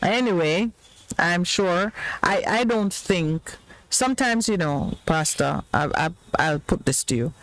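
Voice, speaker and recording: A man's voice: a little high, a bit bright, no room sound, poor audio. A Jamaican man hosting a radio talk show, chatting casually and laughing often.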